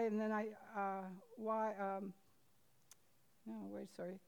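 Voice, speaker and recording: A woman's voice: on the high side, little pitch movement, gravelly, clean tone. Earnest woman preacher reading aloud. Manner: earnest, swings between loud emphasis and hushed quiet; halting, with restarts and fillers. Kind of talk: sermon, reading aloud from a book.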